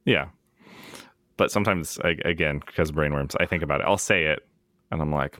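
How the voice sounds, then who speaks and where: A man with a very low voice chats easily on a podcast, relaxed and self-deprecating, full of ums and little restarts. The sound is close and dry, with no room around it. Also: a little fast, no echo. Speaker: podcast co-host. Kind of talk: casual chat.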